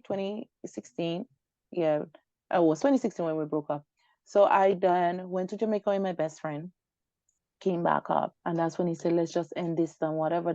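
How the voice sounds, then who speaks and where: A lowish-voiced woman, interviewed as a guest, animatedly relates a personal story and performs the quoted lines. The audio is dull, dry and lo-fi, with no room sound.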